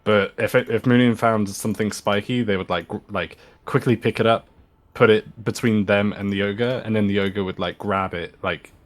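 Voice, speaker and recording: A man's voice: fairly low pitch, steady tone, normal speed. A man playing a tabletop role-playing game, thinking aloud hesitantly with many fillers. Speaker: player.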